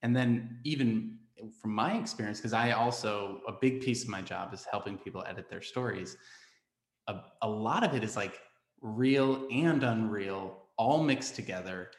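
A man with a fairly low voice hosts a casual podcast chat, thinking aloud with frequent "um" and "right?". His voice carries a roomy echo. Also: normal speed. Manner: reflective, loose, many fillers and "right?".

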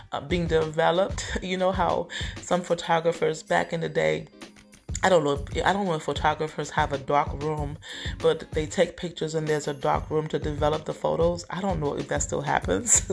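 A woman's voice: deep voice, gravelly. Woman, faith podcast host, heartfelt and teary, faint music behind. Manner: heartfelt, emotional, teary at times.

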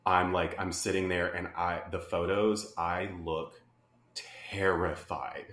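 Casting: low-voiced male podcast co-host, profane storyteller, roomy echo. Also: little pitch movement, takes it slowly, fairly bright tone. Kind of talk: casual chat.

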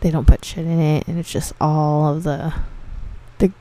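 A woman's voice: deep voice, level tone, normal speed, warm tone. A young woman, a dispensary receptionist, telling casual stories about her customers, cursing freely and laughing as she goes. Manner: profane, laughing, exasperated storytelling. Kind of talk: casual storytelling monologue.

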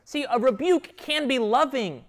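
Animated man teaching a Bible lesson. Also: extremely high pitch, a little slow. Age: adult with children. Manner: animated, keeps checking in with "right?" and "okay?". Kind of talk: interactive Bible lesson to a youth group.

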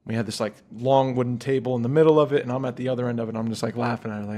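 A man co-hosting a casual podcast chat, telling a childhood story and getting loud and high-pitched as he relives the fright. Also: very fast, few pauses, soft background music. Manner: animated, rises high and loud when retelling fright. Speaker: podcast host.

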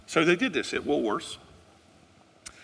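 A man's voice: on the high side, sing-song, measured pace, creaky, a bit bright, slightly rough, long reverb tail. A male pastor preaching a sermon, telling a story in an earnest way and asking the congregation questions.

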